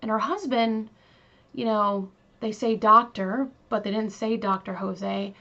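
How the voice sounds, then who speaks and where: A woman's voice: mid-range voice, steady tone, a little slow, bright, forceful tone. A woman hosting a true crime show, telling the case in a chatty, casual way with lots of fillers and asides to her listeners. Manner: chatty, many fillers, talks to listeners directly. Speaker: true crime podcast host. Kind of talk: casual storytelling. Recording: slightly dull lo-fi recording.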